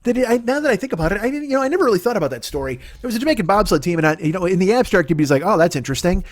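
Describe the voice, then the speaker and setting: A middle-aged male comedian rants fast and high, his pitch leaping all over as he argues with himself in a rambling, profane stream. The sound is dry and close, with no room echo. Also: very animated. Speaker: comedian and podcast host. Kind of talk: solo comedic rant. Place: at home.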